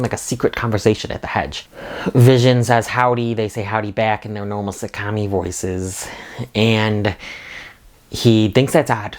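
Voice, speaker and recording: A man's voice: on the low side, darkish tone. A man hosting a casual spoiler recap and review, talking with eager enthusiasm and a lot of "like" fillers. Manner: enthusiastic, rambling with frequent "like". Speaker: video reviewer and host.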